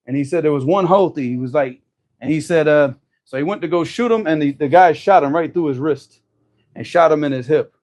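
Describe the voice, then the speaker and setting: A man telling a story in casual conversation, animated, often restarting his sentences. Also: fairly high pitch, fairly quick. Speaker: storyteller guest.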